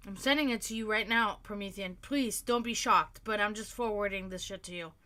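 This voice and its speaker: Woman, bright sharp tone, profane ranting, casual stream talk, from Europe. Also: mid-range voice. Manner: profane, heated, fast ranting. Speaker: livestream host. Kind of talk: casual livestream rant.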